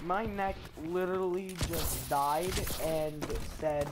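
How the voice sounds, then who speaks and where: Brief: male gamer, unhurried delivery, hype trash talk, gunfire loud underneath. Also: high-pitched, heavy background noise. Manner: excitable trash talk, slangy. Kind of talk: gameplay commentary. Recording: loud gunfire from the game behind. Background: game gunfire and effects.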